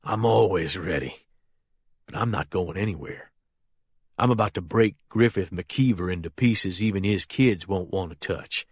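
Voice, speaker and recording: A man reading as a menacing younger male crime boss, speaking low and quietly controlled in an audiobook. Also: measured pace, slightly rough, dry recording, clean studio sound, full character voice. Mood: commanding.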